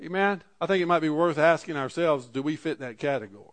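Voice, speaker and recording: A man preaching a sermon, reading scripture slowly and dropping his voice for asides. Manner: slows and rises for scripture readings, drops low for asides; archaic scripture readings, repeated "Amen". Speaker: pastor.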